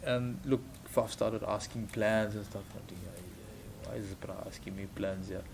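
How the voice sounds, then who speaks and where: A South African man in his thirties, guesting on a podcast, tells stories casually and animatedly, acting out quoted voices with laughter. His voice is lowish and creaky at normal speed, with background noise.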